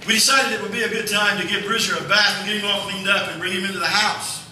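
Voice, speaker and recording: Pastor guy telling a folksy story in a sermon, high-ish voice, heard from far back in a big echoey church. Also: fairly even intonation, fast talker, pushed and bright, a little hiss or hum. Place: church sanctuary.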